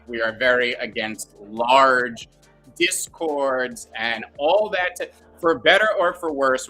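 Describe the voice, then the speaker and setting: A man's voice: mid-range voice, pushed and bright. A man co-hosting a casual podcast chat, playful and jokey, explaining things at length. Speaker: co-host.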